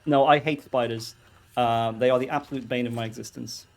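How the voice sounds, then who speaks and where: A man's voice: mid-range voice, steady tone, a little fast, vocal fry. A young man streaming a game and chatting casually in a rambling, easygoing way. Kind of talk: casual chat.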